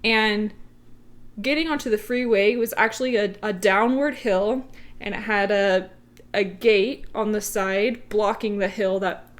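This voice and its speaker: Young female podcast co-host, mid-pitched, casual, filler-heavy storyteller. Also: steady tone, a little slow. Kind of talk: casual chat.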